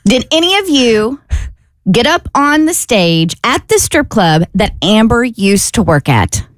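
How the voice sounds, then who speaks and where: A woman co-hosting a morning radio show, briskly explaining the game rules. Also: fairly high pitch, very animated, no echo, clean studio sound. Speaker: radio co-host.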